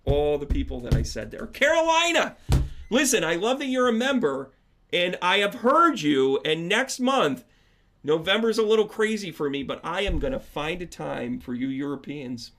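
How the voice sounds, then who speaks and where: A man with a somewhat high voice, rambling casually to his livestream viewers. He talks in loose, friendly asides as a spiritual medium and teacher, addressing members by name. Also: very animated, normal speed. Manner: rambling, chatty, warm to viewers.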